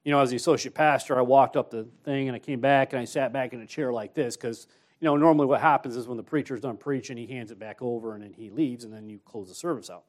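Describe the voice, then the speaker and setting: A man, an associate pastor, preaching a sermon, telling a personal story in an easy conversational way and then exhorting more forcefully. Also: mid-range voice, fairly even intonation, fast. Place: church.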